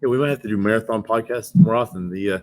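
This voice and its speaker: A man co-hosting a casual podcast, talking in a dry, measured way. His voice sits fairly low and his words come quickly. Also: a little mellow. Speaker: podcast co-host. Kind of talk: casual chat.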